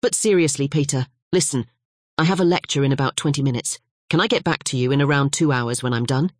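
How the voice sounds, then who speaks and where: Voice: mid-range voice, quick pace, no echo, studio quality, close to an everyday voice. A narrator voicing a teasing male history professor with a Swiss-Italian accent, in easygoing, jokey banter. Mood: casual.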